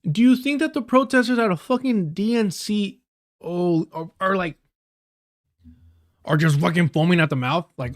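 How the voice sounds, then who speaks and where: A political streamer in an indoor room reacts to clips on a live stream, ranting sarcastically and with plenty of profanity. His voice is high-pitched and runs at a normal speed.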